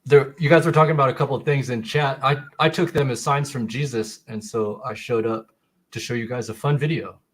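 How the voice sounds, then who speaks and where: Man, deadpan joker, faint ambient noise behind. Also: mid-range voice, a little fast. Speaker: panel guest. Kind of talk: casual panel chat.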